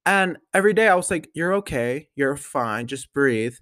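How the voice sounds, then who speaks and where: A nineteen-year-old man hosting his own podcast, chatting casually in a gushing way with lots of fillers and sudden excited jumps in pitch. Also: moderate pace, dry recording. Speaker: solo podcast host. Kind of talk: casual chat.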